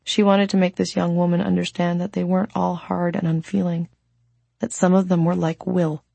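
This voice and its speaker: Low, gravelly woman narrating a novel. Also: little pitch movement, moderate pace, mellow, no echo. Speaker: audiobook narrator. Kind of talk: scripted narration.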